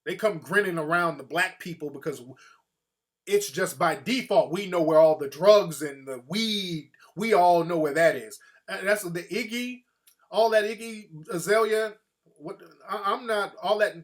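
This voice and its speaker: A man hosting a show, giving casual, profane opinion commentary in an animated way and often slipping into mocking impressions. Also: sits high, measured pace. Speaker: host.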